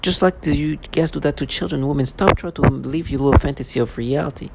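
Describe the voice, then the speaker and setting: A man rants straight to his viewers in an agitated, accusatory way, circling back over the same points. His voice has a gravelly, creaky edge. Steady noise hums behind him. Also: fairly high pitch, fast talker. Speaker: vlogger. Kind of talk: angry monologue. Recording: noisy background.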